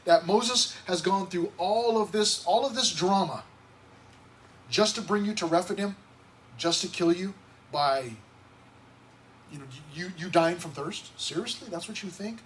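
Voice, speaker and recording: A male pastor preaching in a conversational, animated way, acting out voices and asking rhetorical questions. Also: high voice, measured pace, pauses often, a little hiss or hum, rough recording. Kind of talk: sermon.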